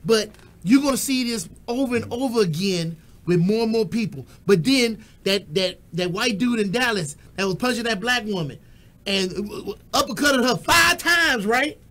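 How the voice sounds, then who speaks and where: A man with a strikingly high voice co-hosts a casual music talk show. He launches into animated, profane rants full of jokes, shouting when he gets worked up. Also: moderate pace. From Texas. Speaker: co-host. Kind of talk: casual radio-style chat.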